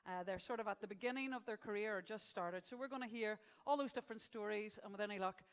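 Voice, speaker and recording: A woman's voice: medium pitch, quick pace, in a large hall. A woman hosting a live awards event, joking with the crowd between announcements. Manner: jokey, chatty, tells gags with punchlines. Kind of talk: live stand-up style hosting. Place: event venue stage.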